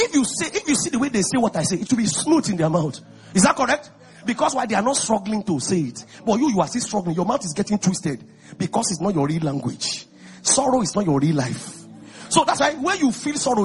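High, lively Nigerian preacher man. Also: moderate pace, soft background music. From Ekiti, Nigeria. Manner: exuberant, calls out to the congregation, often shouting. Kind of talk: lively sermon.

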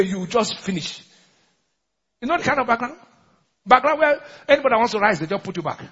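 Husky-voiced pastor preaching. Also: male voice, very high-pitched, a bit bright. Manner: preaches with call-and-response questions and laughs often. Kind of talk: sermon. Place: large church hall. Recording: muffled recording in a large echoing church hall.

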